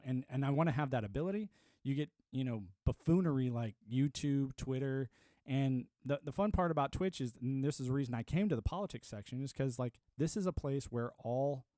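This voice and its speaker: A man's voice: mid-range voice, mellow, no echo, studio quality. A young adult man from the United States talking into a streaming mic, ranting emphatically with lots of fillers. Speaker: livestreamer. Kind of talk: live-stream monologue.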